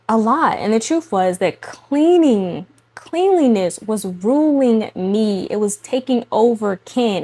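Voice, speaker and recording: A young adult woman talks to camera in a relaxed, chatty way, mixing light humor with personal faith reflection. She laughs often and speaks directly to the women watching, in an easy conversational tone. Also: fairly high pitch. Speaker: faith and lifestyle vlogger, mother. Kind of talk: casual faith talk to camera.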